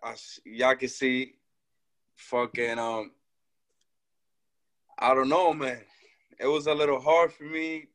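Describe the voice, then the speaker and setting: Hesitant slangy man, mid pitch. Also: level tone, slow pace, long pauses, a bit bright. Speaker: guest musician. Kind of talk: casual chat.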